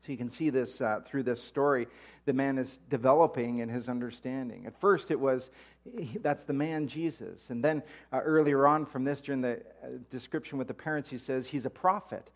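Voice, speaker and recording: A man's voice: medium pitch, normal speed. A man preaching a sermon, reading scripture aloud in a conversational way and animating the quoted voices.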